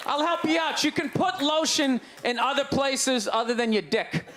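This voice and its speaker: A stand-up comedian in his forties, holding a handheld mic on a comedy club stage, launches into a loud, exasperated, mocking rant before a live audience. His voice is very high at a moderate pace, and the live recording captures crowd laughter and noise.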